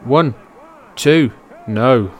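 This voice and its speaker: A man giving amateur play-by-play commentary on a wrestling match, shifting from low, offhand calling to loud, high-pitched outbursts laced with swearing, into his own microphone. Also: extremely slow. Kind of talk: amateur play-by-play commentary over old footage. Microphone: personal microphone.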